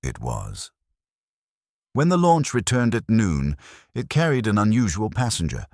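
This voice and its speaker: A man's voice: on the low side, huge pitch swings, unhurried, darkish tone, no room sound, studio quality. A man giving dramatic, scripted audiobook narration.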